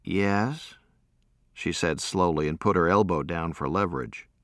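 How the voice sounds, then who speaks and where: A man narrating a first-person audiobook in an even, matter-of-fact way. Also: sits low, moderate pace, dry recording, studio quality.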